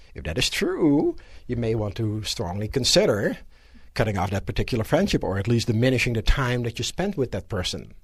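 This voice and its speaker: A man giving a live motivational seminar lecture to an audience in a room, animated and asking rhetorical questions. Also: medium pitch, no echo, studio quality. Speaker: seminar speaker.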